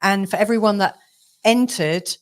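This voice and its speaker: A woman co-hosting a live stream, chatting casually with many fillers and soft laughs over a video call. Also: mid-range voice, moderate pace. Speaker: co-host of a live astrology giveaway show.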